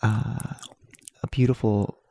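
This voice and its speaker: A man co-hosts a comedy podcast in a mock-ASMR hush, whispering and giggling through jokes. His voice is gravelly and husky, and the sound is dry and close. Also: fairly low pitch, little pitch movement, slow, dry recording. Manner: hushed whispering, giggly, joking. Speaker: podcast co-host.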